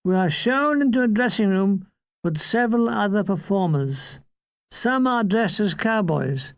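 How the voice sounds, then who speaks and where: An older man reading his own comic war memoir in a wry, deadpan way. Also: sits high, unhurried, no echo.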